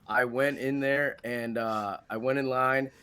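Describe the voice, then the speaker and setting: A man's voice: mid-range voice, steady tone, unhurried, heavy background noise. A man co-hosting a podcast, chatting casually and dropping wry, teasing remarks. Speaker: podcast co-host. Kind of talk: casual chat.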